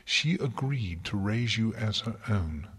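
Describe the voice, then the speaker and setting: A man's voice: on the low side, lively intonation, slow, slightly rough, exaggerated voice. A man voicing a guilty, pleading pony princess. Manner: soft, pleading, tender. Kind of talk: audiobook character reading.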